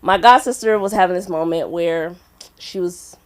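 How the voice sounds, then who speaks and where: On a comedy club stage at an open mic, a young woman with a fairly low voice does stand-up at a moderate pace. She tells a story with a giggly, animated delivery and loud acted-out voices.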